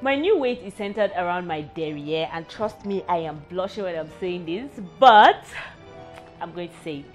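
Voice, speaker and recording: A young woman talks straight to camera in a candid vlog, wry and self-mocking, her pitch bouncing up and down as she goes. Faint music plays underneath her voice. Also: expressive, normal speed. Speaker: vlog host.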